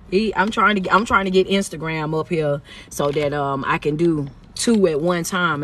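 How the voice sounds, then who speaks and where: A woman's voice: fairly low pitch, a little hiss or hum. A woman motivational speaker and life coach, greeting viewers and preaching in a chatty phone livestream pep talk.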